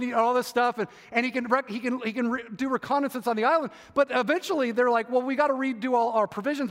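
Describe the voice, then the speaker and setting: A man preaching, retelling a story and reading it aloud with animated, repeated phrases. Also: very high voice. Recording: hall reverb.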